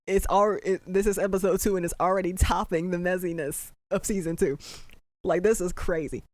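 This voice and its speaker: A young adult giving casual, excitable reaction commentary on a show, getting emotional and swearing freely. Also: medium pitch, brisk, dry recording.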